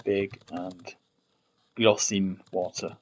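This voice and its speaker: A man's voice: low voice, flat delivery, extremely slow. A man streaming himself building a made-up language, thinking aloud while typing, muttering and repeating words to try them out. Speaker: conlang streamer.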